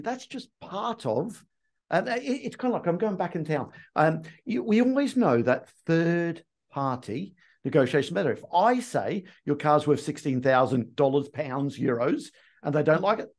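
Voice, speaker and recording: Male host, pitched a bit high, emphatic and questioning. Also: expressive, moderate pace. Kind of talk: casual conversation.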